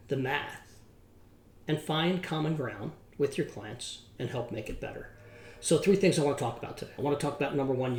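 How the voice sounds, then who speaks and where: A man's voice: medium pitch, darkish tone. A middle-aged man hosting a podcast, telling a story in a folksy, emphatic way. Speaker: podcast host. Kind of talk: podcast monologue with a told joke. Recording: roomy echo.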